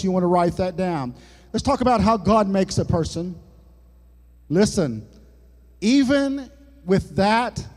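Male pastor, high voice, unhurried folksy sermon, church echo. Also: dark tone. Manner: folksy preaching with jokes and sudden dramatic drops in volume. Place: church sanctuary. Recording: long church hall reverb.

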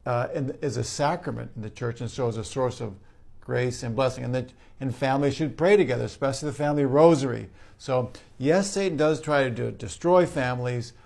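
A man, a Catholic priest and exorcist, giving a pastoral teaching talk in a measured way, pausing often with "uh". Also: mid-range voice, gravelly, a little mellow, reverberant. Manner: measured, with frequent "uh" pauses.

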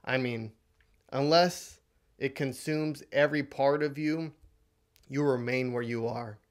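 A man vlogger tells a motivational story with animated, dramatic delivery. His voice sits at a mid male pitch. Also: unhurried.

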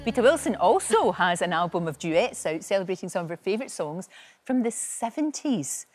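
A woman hosts a TV talk show, and her voice swoops up and down with lively intonation. She sits at a middle pitch and sounds keen and eager as she leads the chat. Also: a little fast, slight background noise. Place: TV studio.

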